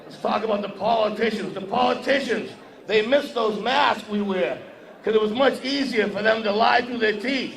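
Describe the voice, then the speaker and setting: A man's voice: sits high, normal speed, gravelly, a bit bright. A man doing a stand-up comedy set on a stage, teasing the crowd in a brash, joking way. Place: event hall stage with a podium before a live audience. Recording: echoey hall with crowd noise.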